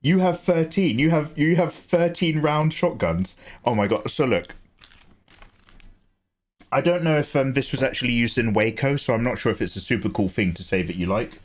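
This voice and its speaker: An English man hosting a livestream, talking casually in an animated, chatty way, swearing and laughing easily. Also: mid-range voice, normal speed. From England. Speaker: livestream host.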